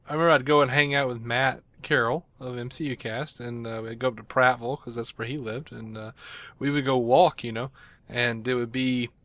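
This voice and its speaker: Male podcast host, rambling anecdotal storyteller, steady mid pitch, dry close sound, laughs a lot. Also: brisk, dry recording. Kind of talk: casual chat.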